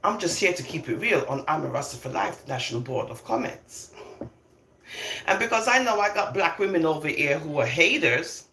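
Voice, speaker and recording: In a roomy, echoing space with slight background noise, an older woman from London talks at a moderate pace in a low voice. She's a vlogger giving a casual, opinionated monologue, emphatic and animated, laughing often between points.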